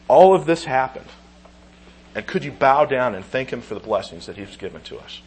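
A man giving an earnest, emotional church talk, reading scripture aloud and pausing with halting restarts. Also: medium pitch, animated, a little mellow, husky, poor audio.

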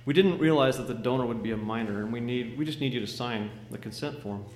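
A man voicing a gentle, grave old male doctor who speaks quietly and somberly in a sermon story. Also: medium pitch, quick pace, natural voice. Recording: echoey hall reverb.

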